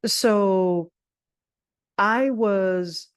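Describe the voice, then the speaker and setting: A woman's voice: mid-range voice, drawn-out words, clear, resonant tone, no room sound. American woman teaching in a dry, close recording. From Jordan. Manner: conversational, many "of course" fillers; animated when retelling the story. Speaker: Quran teacher. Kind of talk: religious lesson with a personal story.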